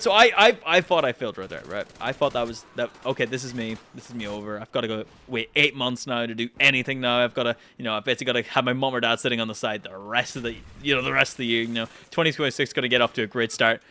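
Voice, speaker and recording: Animated young man telling a story. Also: fast, hardly any pauses. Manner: animated, swears freely, jumps to high pitch when excited. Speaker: channel host. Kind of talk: casual storytelling commentary.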